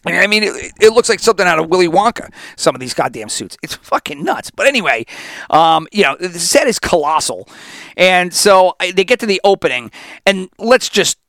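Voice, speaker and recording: Animated, cursing male sports podcaster. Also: high voice, fairly quick, vocal fry, no room sound, clean studio sound. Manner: profane, rambling, animated, with many restarts. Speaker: podcast host. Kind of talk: casual sports podcast monologue.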